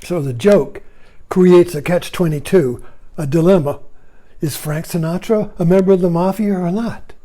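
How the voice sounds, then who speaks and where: A man's voice: high voice, moderate pace, mellow. A man giving a rambling, casual talk, chuckling often and breaking off mid-sentence. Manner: chuckling, digressive, self-interrupting. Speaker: speaker on Zen and irony.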